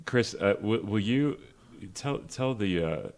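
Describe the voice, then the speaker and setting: Man, podcast co-host, very deep voice, friendly, halting questions. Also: expressive, a little mellow. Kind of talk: casual interview chat.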